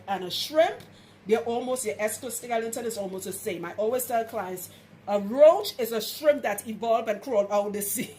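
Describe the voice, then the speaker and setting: A frank, chatty woman from Trinidad explains scalp care in a casual vlog. Her voice sits in a middle pitch and she laughs easily. A faint hiss runs under the recording. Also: a little mellow. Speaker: loctician.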